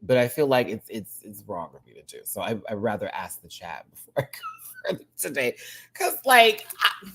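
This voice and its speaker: A man in his thirties riffing casually on a livestream. He chats and vents in an expressive way, sprinkling in laughs and throwaway asides to his audience. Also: fairly low pitch, brisk, slightly rough. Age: 30s. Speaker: livestream host.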